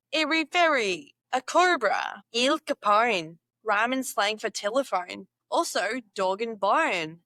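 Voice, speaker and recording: Goofy woman drilling slang, high voice. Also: fairly bright tone, no room sound. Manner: goofy, repeats words over and over, giggly. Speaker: vlogger. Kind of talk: playful casual vlog, practising slang.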